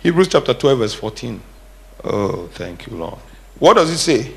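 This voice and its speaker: Delivering a sermon at a moderate pace, a middle-aged pastor sounds very animated, his medium-pitched voice fairly bright and touched with vocal fry. He asks the congregation questions and rises to emphatic repeated phrases in classic call-and-response preaching.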